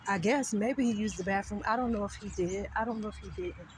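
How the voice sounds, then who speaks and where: A woman telling a story on her vlog in an animated, profane way, with frequent asides to viewers. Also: mid-range voice, a little fast, slight background noise. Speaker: vlogger.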